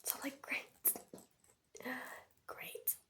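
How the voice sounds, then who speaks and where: A teenage girl who is sick with a sore throat, rambling through a casual story in a soft ASMR whisper. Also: drawn-out words. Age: teens. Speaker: ASMR creator. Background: keyboard tapping.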